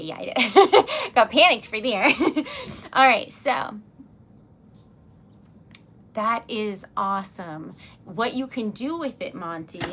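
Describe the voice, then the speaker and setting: A woman hosting a live stream, chatting casually and giggling as she talks to her viewers while typing. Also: on the high side. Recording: loud typewriter clacking behind voice. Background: typewriter keys and bell.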